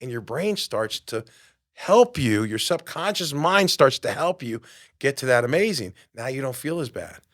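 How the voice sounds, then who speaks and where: A man in his late fifties, a podcast host and fitness coach, giving an emphatic motivational talk in a studio, swinging between loud bursts and quiet asides. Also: medium pitch, big pitch swings, normal speed. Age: 50s.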